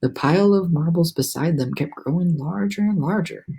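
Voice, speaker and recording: Gravelly man reading a storybook. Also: fairly high pitch, moderate pace. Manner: lively, animated storytelling with small restarts. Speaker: reader. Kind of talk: reading a children's novel aloud.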